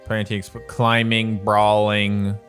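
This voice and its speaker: A young man giving excitable, joking gameplay commentary. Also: on the low side, takes it slowly. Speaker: YouTuber. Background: game music.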